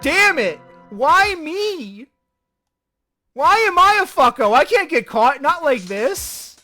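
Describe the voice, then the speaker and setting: A frantic, cursing male killer in a video game, scheming out loud in a high, strained voice, as a man puts him on. He swears constantly and his voice jumps around a lot. Faint music plays behind him. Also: sing-song, slow pace, heavily acted. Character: panicked sneering male killer.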